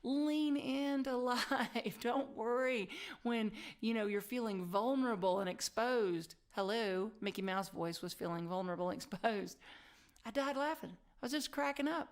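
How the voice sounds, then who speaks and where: A middle-aged woman pastor preaching in a chatty, self-deprecating way, sometimes dropping to a soft whisper for emphasis. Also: a little high, measured pace. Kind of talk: sermon.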